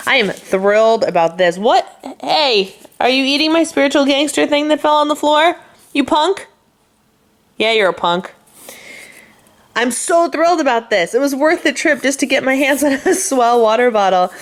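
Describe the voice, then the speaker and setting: A woman's voice: medium pitch, a bit bright. A young woman vlogging in a casual, chatty way, upbeat and full of little fillers as she shows off items. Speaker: lifestyle vlogger. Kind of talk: casual chat to camera.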